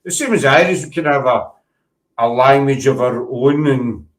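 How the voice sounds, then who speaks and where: A man's voice: mid-range voice, moderate pace, rough recording. A man with a Scottish accent hosting a casual live-stream chat, teasing his guests. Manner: teasing, chatty. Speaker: host.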